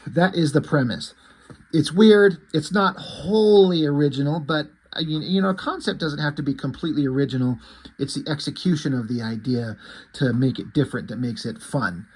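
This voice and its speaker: Guy chatting about a comic, mid pitch, rambly, restarts a lot, swears casually. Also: normal speed, slightly rough. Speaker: comic book reviewer. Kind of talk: casual spoken review.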